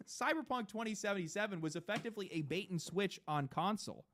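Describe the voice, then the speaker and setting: A man giving scripted commentary in a measured, deliberate delivery, played as a clip. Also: high-pitched, animated, a bit bright.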